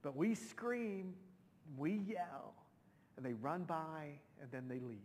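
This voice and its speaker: A man's voice: a little high, animated, takes it slowly, a little mellow, slight background noise. A middle-aged man, a pastor, telling a personal story in a sermon, emotional and conversational with many restarts. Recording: long hall reverb.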